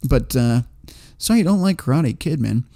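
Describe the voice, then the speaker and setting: A man's voice: mid-range voice, lively intonation, normal speed, mellow. A man hosting a livestream, reading chat comments aloud in a rambling, profane way and laughing often.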